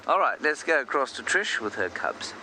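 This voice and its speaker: A man's voice: medium pitch, big pitch swings, normal speed. A man working as a safari guide, giving chatty, self-deprecating commentary on a live game drive from an open vehicle outdoors. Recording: outdoor noise from a moving vehicle.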